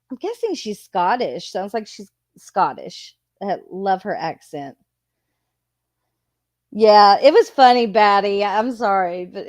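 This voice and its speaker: A woman's voice: mid-range voice, darkish tone, dry recording. Woman streamer, casual and profane, giggly, dry close sound. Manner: laughs often, profane and chatty. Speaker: streamer reviewing a video. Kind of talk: casual commentary.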